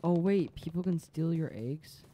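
A young man with a mellow, slightly high voice streams a game live, sounding sleepy and unhurried. Tired and rambling, he chats casually with viewers as he plays, with faint background noise in the recording.

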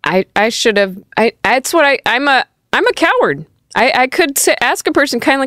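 A woman's voice: high voice, normal speed, dry recording, studio quality. A woman in her thirties, a comedian guest chatting casually in a self-deprecating way. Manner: giggly, self-deprecating, lively. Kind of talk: casual chat.

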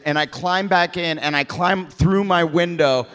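A man, a comedian and podcast co-host, telling an animated story live on stage. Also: fairly high pitch, a little slow. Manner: animated, acts out the people in his stories. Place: theater stage, live audience. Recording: live venue with hall echo.

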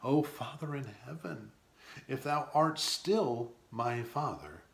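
A man reading the part of a grown Puritan mother, earnest and pleading, in his own mid-pitched voice. The room around him echoes. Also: animated, slow, gravelly, slight background noise. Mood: anguished. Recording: roomy echo.

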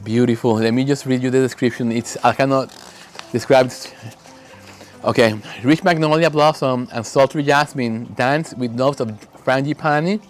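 A man making candles, talking in an emotional, heartfelt way and slowly reading out fragrance notes. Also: medium pitch, steady tone, faint music behind. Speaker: candle maker. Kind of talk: casual vlog talk.

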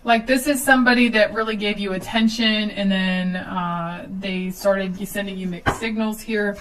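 A woman's voice: mid-range voice, fairly even intonation, moderate pace, distant mic, rough recording. A woman giving a casual tarot reading at home, chatty, with filler ums and nervous laughs. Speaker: tarot reader.

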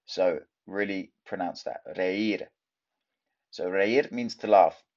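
A man's voice: deep voice, unhurried, a little mellow, lo-fi sound. A man hosting a casual video language lesson, chatty and explaining things step by step. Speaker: language teacher.

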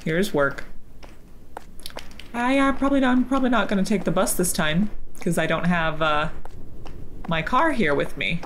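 A woman hosting a gaming channel, reacting nervously out loud and talking to the characters as she plays. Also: mid-range voice, slight background noise. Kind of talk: let's play commentary. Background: game music.

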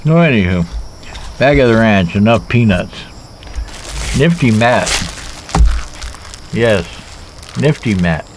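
A man's voice: fairly low pitch, expressive, takes it slowly, pauses often, slight background noise, rough recording. A man casually reviewing knives in a rambling, joking way, talking to himself as he handles them outdoors. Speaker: knife reviewer. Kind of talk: casual knife review vlog. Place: outdoors in a backyard.

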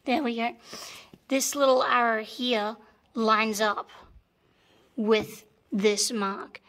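An Australian woman with a slightly hoarse, fairly high voice walks through a workshop tutorial. She explains patiently, step by step, and repeats the points that matter. She records on a phone held in one hand. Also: fairly even intonation, slow pace, pauses often, a bit bright. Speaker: tank restoration mechanic. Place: workshop beside a tank engine.

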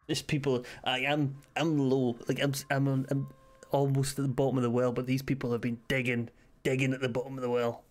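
A man's voice: medium pitch, little pitch movement, moderate pace, faint music behind. Crude, joking Scottish man streaming a game. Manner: crude, joking, reading aloud hesitantly. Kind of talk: casual live-stream commentary.

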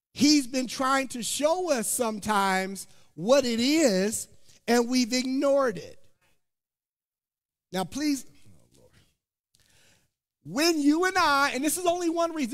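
A pastor from Indiana preaching a sermon, joking and calling out to his congregation in an animated way. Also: very high-pitched. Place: church sanctuary. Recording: long church hall reverb.

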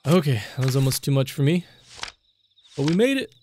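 A man's voice: mid-range voice, big pitch swings, fairly quick, a little mellow, a little hiss or hum. A young man commentating a let's play of a horror game, jumping between panicky yelps and joking asides. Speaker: gaming YouTuber.

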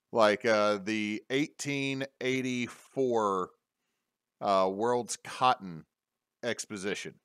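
A man hosting a casual podcast, rambling with many fillers and pauses. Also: medium pitch, a bit bright, clear, resonant tone, dry recording, clean studio sound. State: hiccups. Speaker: podcast host.

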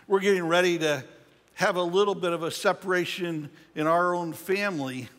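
A man's voice: sits high, moderate pace, a bit bright. An older man preaching a sermon as pastor, reading scripture and then retelling it in a conversational way with playful asides. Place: church sanctuary. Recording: long church hall reverb.

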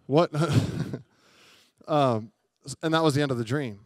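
A man's voice: medium pitch, moderate pace, a little mellow, dry recording. A young adult man preaching a sermon, telling a story in a chatty way and often asking the congregation questions. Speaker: pastor. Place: church sanctuary.

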